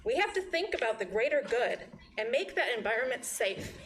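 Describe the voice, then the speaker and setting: A woman, a physician and mother, giving a measured, prepared public statement at a board meeting. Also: on the high side, big pitch swings, slight background noise, rough recording. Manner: measured, composed, reads prepared remarks. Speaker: physician and parent commenter.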